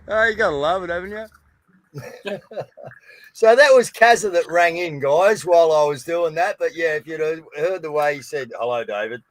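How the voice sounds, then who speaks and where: A man's voice: fairly high pitch, measured pace, long pauses, fairly bright tone, dry recording, poor audio. An Australian man co-hosting a live news stream, talking casually and blokey, often calling his viewers guys.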